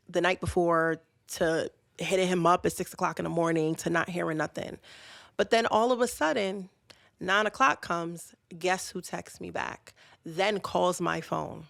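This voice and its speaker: A woman's voice: lowish voice, creaky, fairly bright tone, no echo. A young woman podcast host casually telling a personal story, candid and chatty, speaking straight to her listeners. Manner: candid, conversational, addresses listeners directly.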